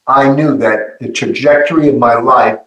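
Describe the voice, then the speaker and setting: A middle-aged man telling a personal testimony in an earnest, halting way, often repeating his words. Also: mid-range voice, fairly bright tone, reverberant, lo-fi sound. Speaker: guest giving testimony.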